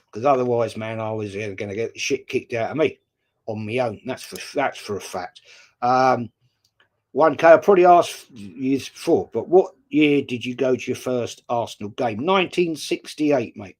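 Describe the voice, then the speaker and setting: A man's voice: medium pitch, moderate pace. Older English man, early sixties, live stream host; chatty storyteller, casual swearing, reads out viewers' comments. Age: 60s.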